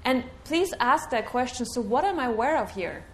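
A woman leading a live workshop, coaching with questions and sinking into a quiet low murmur for a repeated clearing chant. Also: animated, moderate pace. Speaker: workshop facilitator.

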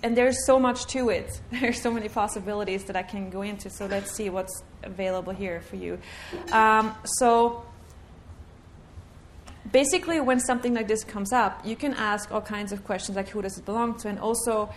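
A woman leading a live workshop, coaching with questions and sinking into a quiet low murmur for a repeated clearing chant. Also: normal speed, a little hiss or hum. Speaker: workshop facilitator.

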